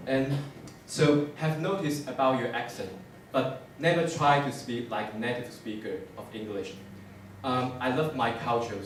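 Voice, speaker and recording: A man's voice: mid-range voice, a little hiss or hum. A young man giving a class presentation, hesitant with many fillers. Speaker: student presenter. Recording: echoey classroom from far off.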